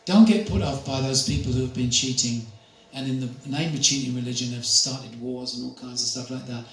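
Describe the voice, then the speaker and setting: An older man gives a chatty, anecdotal spiritual talk in a mid-range voice with a steady tone, speaking a little fast and laughing often. The room is echoey, the mic distant, and there is faint noise.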